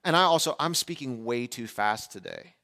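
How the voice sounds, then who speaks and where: A man in his forties preaching a sermon as pastor, animated and shifting between loud emphasis and hushed asides, in a church. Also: medium pitch, normal speed, vocal fry, a little hiss or hum. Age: 40s.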